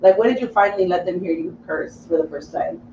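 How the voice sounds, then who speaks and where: A woman co-hosting a radio chat show who asks the group questions and reacts in an animated way. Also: on the low side, fast, dull audio. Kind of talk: casual chat. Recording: echoey distant mic with faint hiss.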